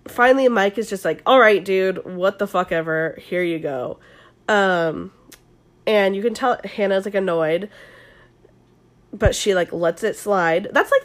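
A young woman gives an ASMR-style recap of a reality dating show episode. She talks chattily, full of "like" fillers and casual swearing. Her pitch moves in lively jumps, rising high when she gets worked up.

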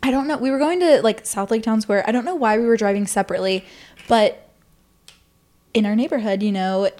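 A young adult woman co-hosting a podcast, telling stories in a casual, animated way and swearing freely. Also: a little high, a little fast. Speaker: podcast co-host. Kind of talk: casual storytelling chat.

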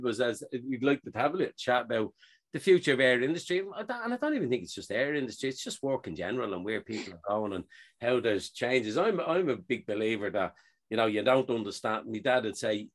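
An Irish man co-hosting a casual podcast, telling stories with lively acted-out dialogue. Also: mid-range voice. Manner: animated storyteller, acts out both sides of conversations. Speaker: podcast co-host.

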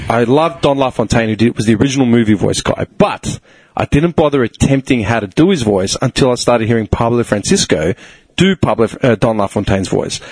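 A man in his thirties from Australia, chatting casually on a podcast in a rambling, sweary, animated way. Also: mid-range voice, slightly rough, no echo, low-quality recording. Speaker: podcast co-host. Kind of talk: casual chat.

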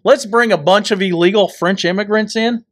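Brief: male co-host, high-pitched, wisecracking, dry close recording. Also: moderate pace, a bit bright, no room sound. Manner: wisecracking, crude humor. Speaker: podcast co-host. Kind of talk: casual banter.

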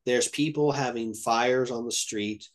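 A man's voice: medium pitch, unhurried. A man in his thirties from Ohio telling a long travel story in casual chat, rambling and acting out what people said. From Ohio, USA. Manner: rambling, animated retelling with quoted voices.

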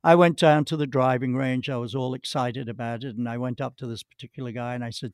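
A man spins long stories in a rambling, halting way, doubling back on his words and trailing off mid-sentence. His voice sits at an ordinary middle pitch and is captured close and dry, with no room sound around it. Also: steady tone, clean tone, dry recording. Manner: rambling, with restarts and hesitations. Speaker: golf pro, interview guest. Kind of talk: anecdotal storytelling.

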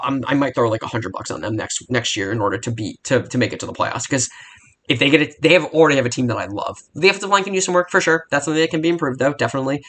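Young man, podcast host, fast, profane, heated rant, rambling. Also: medium pitch, a bit bright. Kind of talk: casual football podcast rant.

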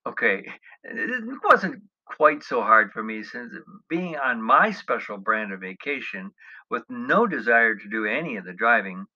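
Middle-aged man, sharp bright tone, dry self-mocking storyteller, dull lo-fi recording. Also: mid-range voice. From United States. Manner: wry, self-mocking, chuckling asides. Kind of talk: humorous personal travel storytelling.

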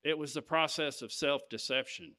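A man's voice: a little high, moderate pace, pushed and bright. A man preaching, telling a personal story to his congregation and stopping to ask "Amen?". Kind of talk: sermon testimony.

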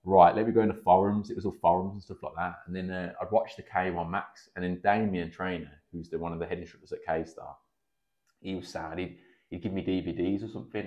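Brief: guy in his thirties, deep voice, rapid casual storytelling, sweary, slightly dull podcast audio. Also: darkish tone. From England. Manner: chatty, swears freely, acts out quoted dialogue. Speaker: podcast guest, kickboxing coach.

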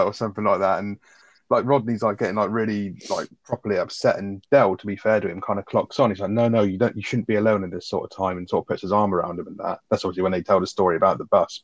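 Fast-talking man, lo-fi sound. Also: low-pitched, no echo. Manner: rapid, full of fillers like 'like', swears, quotes characters. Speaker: podcast co-host. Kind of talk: casual chat reviewing a sitcom episode. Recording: dull lo-fi dry sound.

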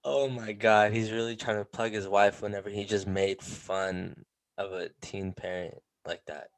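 A man interviewing a guest in a casual chat, relaxed, reacting to her story and asking questions. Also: on the low side, a little slow, no room sound.

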